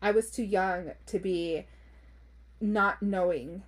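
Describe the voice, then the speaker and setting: Young woman podcast host, mid-range voice, reads listener stories aloud and reacts with frank, profane, expressive asides and bits of Spanish. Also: medium pitch, slow pace. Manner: expressive and blunt, swears freely, laughs often; code-switches into Spanish phrases. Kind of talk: reading listener stories aloud with casual commentary.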